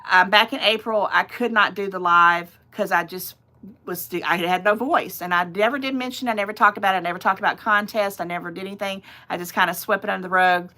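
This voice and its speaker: Middle-aged female host, bright voice, rambling, casual livestream chat. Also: mid-range voice, fairly even intonation, fairly quick. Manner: chatty, rambling, digressive. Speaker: channel host.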